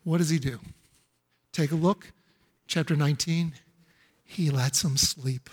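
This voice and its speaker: A man's voice: a little high, fairly even intonation, a little slow, slightly rough. A male pastor preaching a sermon in an emphatic, repetitive way, full of rhetorical questions. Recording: echoey hall with long reverb.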